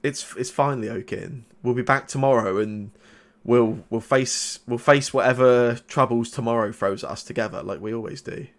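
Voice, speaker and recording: A man voicing a gentle, loving mother who tucks her son into bed and speaks softly and tenderly to him. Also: mid-range voice, normal speed, close to an everyday voice. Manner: soft and tender.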